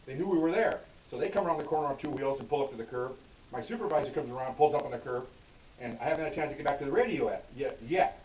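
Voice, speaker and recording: A man's voice: medium pitch, racing. An older man, a retired police officer, casually telling a story from his career and acting out the dialogue with frequent asides. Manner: conversational, acts out dialogue, frequent "okay?" asides. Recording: roomy, distant, dull lo-fi sound with faint hiss.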